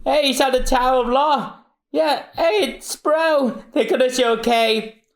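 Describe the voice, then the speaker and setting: A podcast host voicing an eager, loyal male workman in a raised, higher voice. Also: unhurried, echoey room. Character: excited loyal male workman calling his boss bro.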